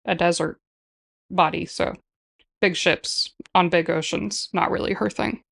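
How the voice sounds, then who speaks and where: A woman's voice: on the low side, fairly even intonation, unhurried, gravelly, fairly bright tone. A woman talking casually as a player in a tabletop game. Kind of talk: casual chat.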